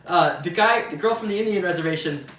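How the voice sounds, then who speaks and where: A man's voice: sits high, fast, fairly bright tone. A young man from Texas hosting a casual podcast review, wry and talkative as he leads the chat. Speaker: podcast host. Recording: roomy, distant mic.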